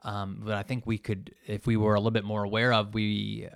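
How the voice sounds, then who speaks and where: A man's voice: lowish voice, completely flat delivery, fairly quick, vocal fry, clear, resonant tone, no room sound, clean studio sound. A man hosting a solo podcast, talking in an earnest, thoughtful way as he searches for his words. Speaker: podcast host and coach. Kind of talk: solo reflective podcast talk.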